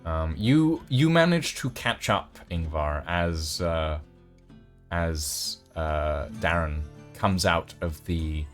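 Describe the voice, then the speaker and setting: A man runs a tabletop game as game master, narrating slowly with many ums and uhs. His voice sits fairly low. Faint guitar music plays behind him. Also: animated. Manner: unhurried, full of ums and uhs.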